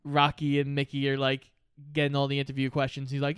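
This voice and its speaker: Male co-host, casual podcast chat, animated storyteller, acts out quotes, sweary, smooth clear voice, dry close sound. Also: mid-range voice, brisk, dry recording.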